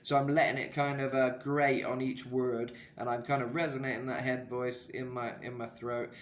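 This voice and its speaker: A man's voice: mid-range voice, little pitch movement, moderate pace, echoey room. A man coaching singing in a casual, rambling way, full of "kind of" and filler sounds. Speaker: vocal coach. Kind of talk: casual singing tutorial talk.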